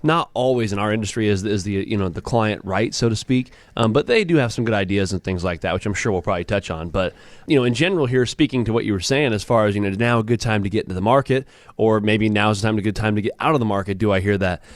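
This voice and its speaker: A man's voice: on the low side, quick pace, no echo. A man working as a financial advisor, chatting casually on a radio show with plenty of fillers and restarts. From Southern California. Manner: relaxed, with frequent fillers and restarts.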